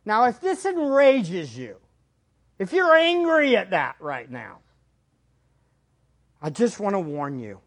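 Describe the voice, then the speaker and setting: Pastor, male, high voice, slow deliberate sermon delivery with big dynamic swings. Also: huge pitch swings. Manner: preaching with sweeping swings between quiet and loud.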